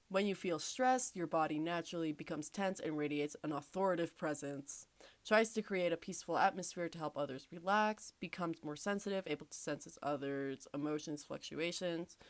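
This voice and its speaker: A woman's voice: sits low, normal speed, no room sound. A woman hosting a casual podcast, reading quiz questions aloud with sarcastic, swear-filled asides and frequent laughter. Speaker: podcast host.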